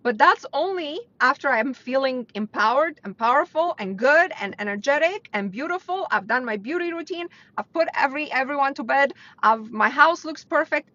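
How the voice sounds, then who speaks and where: A woman's voice: expressive, normal speed, hardly any pauses, pushed and bright. Blunt motivational woman on a lo-fi stream. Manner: blunt, earnest, rises in pitch to stress points. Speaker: host of a weekly live mindset stream. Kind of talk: casual motivational talk to live viewers. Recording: dull lo-fi livestream audio.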